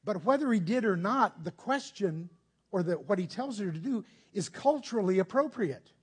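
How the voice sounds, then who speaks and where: A man's voice: sits high, animated, normal speed, husky. A man preaching a conversational sermon, explaining patiently and putting rhetorical questions to his listeners.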